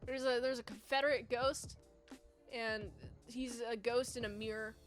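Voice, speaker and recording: A woman's voice: on the high side, steady tone, a little slow, soft background music. A woman giving a casual, playful, rambling movie review.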